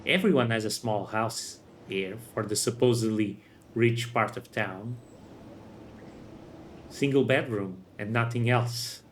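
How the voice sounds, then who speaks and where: A man's voice: fairly low pitch, takes it slowly, a little hiss or hum. Man reading a prim, flustered rich lady. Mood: genteel. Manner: prim, genteel. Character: fussy well-to-do lady, polite and flustered.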